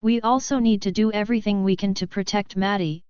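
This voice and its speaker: A woman voicing a protective, possessive young werewolf alpha king, in a gruff, commanding way, in an audiobook. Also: high voice, fairly even intonation, fairly quick, darkish tone, no room sound, dull audio, close to an everyday voice. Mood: stern.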